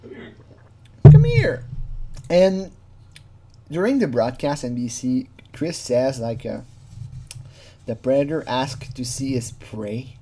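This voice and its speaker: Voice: mid-range voice, slow, pauses often, warm tone, a little hiss or hum. A casual true crime commentator who talks freely, laughs often, swears, and mimics the people being quoted.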